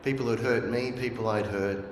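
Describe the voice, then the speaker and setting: In a faintly hissing, echoey church hall, a middle-aged guest speaker shares a sermon framed as a personal story. His mid-range voice keeps a steady tone at normal speed. He narrates earnestly and slips into remembered voices, with the recording carrying a roomy echo.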